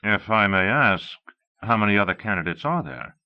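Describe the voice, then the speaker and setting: A man reading a shaken software boss. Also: lowish voice, lively intonation, normal speed. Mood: anxious. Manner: anxious, shaken. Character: tense, ambitious male software company founder. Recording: dull lo-fi cassette audio.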